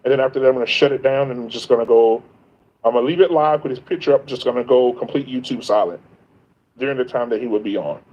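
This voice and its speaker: A content creator appearing as a guest on a livestream talks fast in a mid-range, slightly mellow voice, and the audio is dull. Chatting casually, he's earnest and emphatic, often restarting his sentences.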